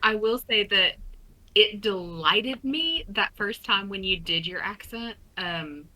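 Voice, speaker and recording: Bright-voiced, enthusiastic woman podcaster. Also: mid-range voice, slow pace, low-quality recording. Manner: enthusiastic, warmly encouraging. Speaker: co-host and player. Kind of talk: casual podcast chat.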